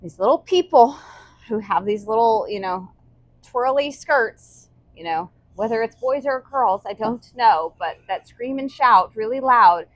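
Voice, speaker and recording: A woman's voice: fairly high pitch, animated, unhurried, no echo. A woman from the United States co-hosting a casual livestream, reading chat messages and giving short, dry agreeing replies.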